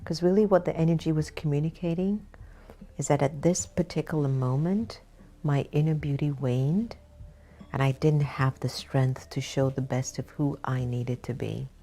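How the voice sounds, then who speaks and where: A woman's voice: sits low, normal speed, dark tone. A woman spiritual teacher telling a personal story in a reflective talk, often turning to her listeners as everyone.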